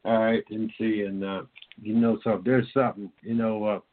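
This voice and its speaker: Male talk-radio host, somewhat low voice, rambling with fillers, tinny phone sound. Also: little pitch movement, normal speed. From Indiana. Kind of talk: casual talk-radio chat.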